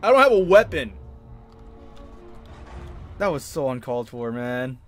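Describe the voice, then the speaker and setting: A man's voice: medium pitch, sing-song, measured pace, faint music behind. A man streaming a horror game, panicking, swearing and laughing nervously as he plays. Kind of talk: live game commentary.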